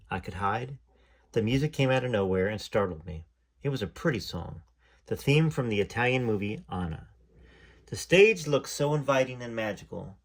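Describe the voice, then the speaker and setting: Man reading a memoir aloud. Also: medium pitch. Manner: adds casual wry asides to the reading. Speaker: reader of a memoir. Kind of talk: first-person memoir reading.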